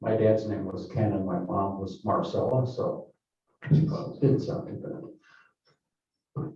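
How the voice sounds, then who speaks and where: A man presenting a development project at a town board meeting, speaking haltingly with many fillers and restarts. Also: deep voice, vocal fry, dark tone, a little hiss or hum. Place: town hall meeting room. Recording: echoey council chamber, distant mic, muffled.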